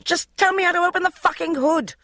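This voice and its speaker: A woman's voice: very high voice, sing-song, takes it slowly, sharp tone, no room sound, clean studio sound, pitched above the performer's own voice, heavily acted. A woman voicing a posh, hysterical young woman who shrieks and swears in an audiobook.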